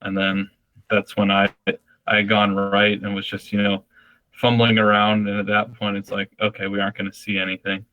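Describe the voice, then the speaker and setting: A man's voice: fairly low pitch, completely flat delivery, moderate pace, dry recording, muffled recording. A young man, a guest on a podcast, recounting a hunt in a plain, matter-of-fact way. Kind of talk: casual storytelling.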